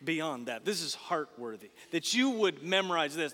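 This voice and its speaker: A man's voice: fairly high pitch, normal speed, hardly any pauses, long reverb tail. A man preaching a sermon in a church, telling stories animatedly and speaking directly to the congregation. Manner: animated storytelling with asides to the congregation. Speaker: pastor. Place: church sanctuary.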